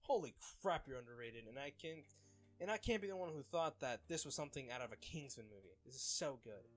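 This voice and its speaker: A man's voice: medium pitch, expressive, fast talker, faint music behind. A young man reading fan comments aloud in casual chat, laughing often and getting flustered over names.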